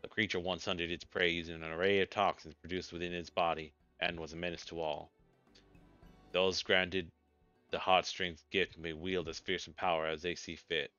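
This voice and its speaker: A man's voice: deep voice, sharp tone, clean tone. A man voicing a formal male traveler from a game, with a put-on American Southern accent, reading the lines solemnly. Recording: dull lo-fi mic with faint game music.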